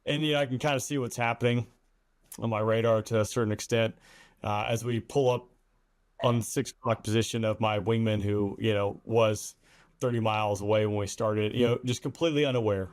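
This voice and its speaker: A man's voice: on the low side, steady tone, brisk, a little mellow. A man hosting a podcast who is a former fighter pilot, chatting casually and trading his own flying stories. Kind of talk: casual interview chat.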